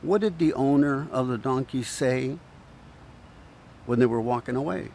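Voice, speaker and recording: A male pastor preaching with animated storytelling, acting out quoted voices and restarting words often. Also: medium pitch, unhurried, vocal fry, a little hiss or hum. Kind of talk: sermon.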